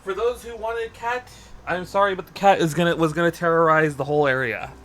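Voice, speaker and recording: A man's voice: a little high, a little fast, fairly bright tone. A man streaming casually from his home desk, rambling and teasing his cat while he chats. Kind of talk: casual live-stream chat.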